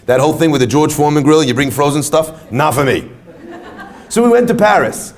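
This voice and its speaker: This retreat speaker is a man with a fairly high voice and a brisk delivery. His inspirational talk mixes lively storytelling with jokes aimed at the audience.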